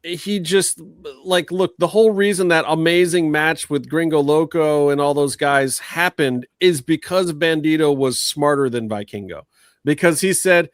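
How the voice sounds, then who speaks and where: Picture a man hosting a laid-back wrestling podcast, steering the talk between segments. His voice sits a little high for a man and sounds close and dry. He talks bluntly and swears freely, teasing his co-hosts as he goes. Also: measured pace, no room sound. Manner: blunt, profane, teasing banter. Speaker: podcast host. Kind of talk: casual wrestling podcast chat.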